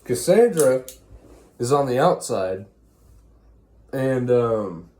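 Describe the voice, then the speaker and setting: A man rambles through a crude, comedic retelling of an ancient play while chewing gum. His voice is mellow and sits at a middling pitch. The sound carries a roomy echo. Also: sing-song, slow. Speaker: storyteller.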